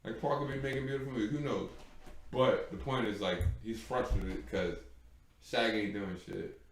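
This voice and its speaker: A man's voice: lowish voice, moderate pace, slight background noise. A man co-hosting a live stream, telling a long story in casual chat and acting out the voices of the people in it. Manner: animated storyteller acting out quoted dialogue. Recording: echoey room.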